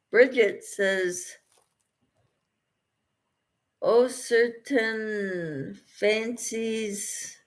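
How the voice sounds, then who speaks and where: A woman hosting a casual crochet livestream, reading viewer comments aloud and answering them, tired late at night. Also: mid-range voice.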